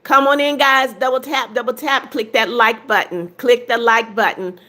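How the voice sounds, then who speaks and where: Woman in her seventies, slightly high voice. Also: fairly even intonation, normal speed, pushed and bright. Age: 70s. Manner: reads viewer comments aloud and answers each one briefly. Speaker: livestream host. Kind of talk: casual live-stream chat.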